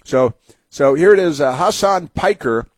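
A man's voice: a little high, expressive, a little slow, no echo. A man hosting political talk radio, rambling and mocking in a sarcastic tone. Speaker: radio host.

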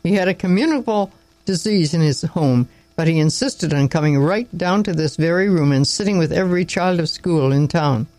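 A man's voice: a little high, brisk, dry recording, close to an everyday voice, rough recording. A man reading a story aloud and voicing a weary young country doctor who speaks curtly and with contempt. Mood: angry. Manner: curt, contemptuous, sharp.

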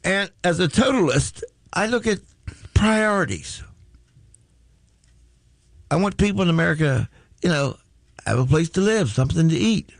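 A man's voice: high-pitched, lively intonation, moderate pace, creaky, pauses often, no room sound. A man hosting talk radio, rambling and joking with many stammered restarts. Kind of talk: excitable talk radio banter.

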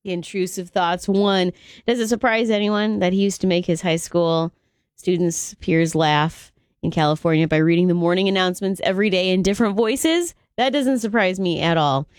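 A woman's voice: lowish voice, normal speed, no echo, clean studio sound. A woman hosting a radio morning show, delivering chatty entertainment news with enthusiasm.

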